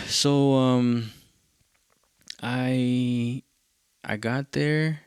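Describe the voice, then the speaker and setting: A man's voice: mid-range voice, fairly even intonation, drawn-out words, smooth, no echo, studio quality. A male podcast host, telling a loose, profane story in a casual rambling way and dropping in Spanish phrases.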